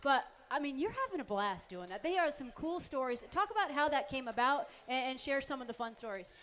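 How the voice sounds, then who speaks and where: A high female voice co-hosting a live chat. She asks friendly questions and laughs easily with the guests. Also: big pitch swings, a little fast, a bit bright. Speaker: co-host. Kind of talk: casual chat.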